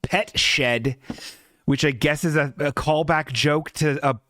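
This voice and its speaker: A man's voice: fairly high pitch, fairly even intonation, slow, a bit bright, no echo, studio quality. A man hosting a podcast, giving casual, sarcastic, profanity-laced live commentary on a TV show. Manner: sarcastic, profane, exasperated riffing. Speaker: podcast host.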